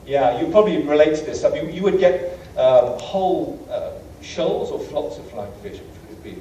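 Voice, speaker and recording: British guy lecturing, mellow voice, self-deprecating storyteller, distant echoey hall with faint hiss. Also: a little high, expressive, normal speed. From Britain. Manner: anecdotal, self-deprecating, many fillers. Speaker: guest lecturer. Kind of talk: humorous travel lecture.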